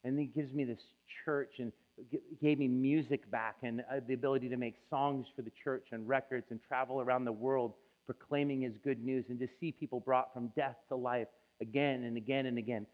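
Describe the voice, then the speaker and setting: A man's voice: medium pitch, fairly even intonation, a little fast. A man preaching a sermon as a pastor, telling his own story in an emotional, confessional way. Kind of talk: sermon testimony. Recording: tinny phone-like sound.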